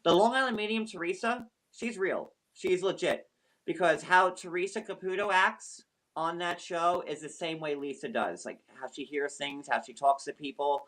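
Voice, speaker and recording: Guy on a live stream telling a wild story, all animated and swearing for emphasis. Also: on the high side, moderate pace. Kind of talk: casual storytelling.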